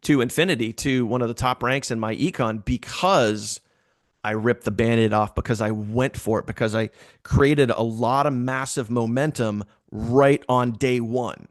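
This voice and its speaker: Guy telling his team a story, animated, repeats stuff for emphasis, mid voice, dry close sound. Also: medium pitch, moderate pace, no echo.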